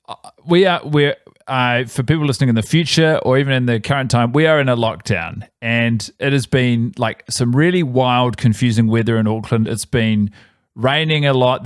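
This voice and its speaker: A man's voice: medium pitch, dry recording, studio quality. A man co-hosting a podcast, chatting casually and rambling, often correcting himself mid-sentence. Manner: rambling, self-correcting, animated storytelling. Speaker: podcast co-host. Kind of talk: casual chat.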